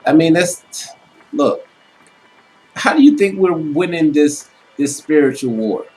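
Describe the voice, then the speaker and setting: A man's voice: fairly high pitch, lively intonation, a little slow, darkish tone, rough recording. A man co-hosting a casual relationship advice chat, talking in a motivational, preachy way and repeating lines for emphasis.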